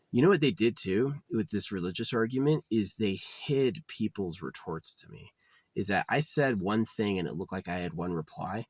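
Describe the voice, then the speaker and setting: A man's voice: fairly low pitch, no room sound. A man on a profane, agitated ranting monologue, often repeating himself. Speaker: vlogger.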